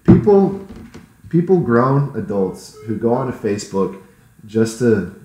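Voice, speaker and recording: A young man with a lower voice chats with friends in a relaxed, wry way. He sounds like he is in an echoey room, with faint noise behind him. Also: a little slow. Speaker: podcast co-host. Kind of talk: casual chat among friends.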